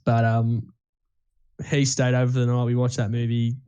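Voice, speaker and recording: A man's voice: mid-range voice, monotone, moderate pace, dark tone, clean tone, muffled recording. A young man, co-hosting a podcast in casual chat, rambling and swearing freely. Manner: rambling storytelling, swears freely, many fillers. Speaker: podcast co-host.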